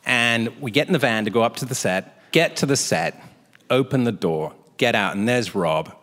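A man's voice: mid-range voice, moderate pace, long reverb tail. A man telling a comic anecdote as a talk show guest, acting out the other people in it. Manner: animated storyteller doing voices of others.

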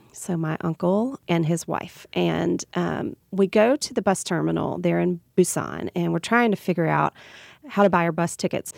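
A woman's voice: fairly low pitch, creaky, a little mellow, no echo, studio quality. A woman with a Southern US accent, a radio guest telling a heartfelt personal story with bits of laughter.

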